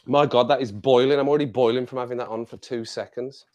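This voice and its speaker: A man's voice: medium pitch, fairly even intonation, fast talker, a little mellow, muffled recording. An English man hosting a casual live chat with viewers from his home desk, jokey and rambling, laughing often, on a clip-on mic. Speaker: livestream host.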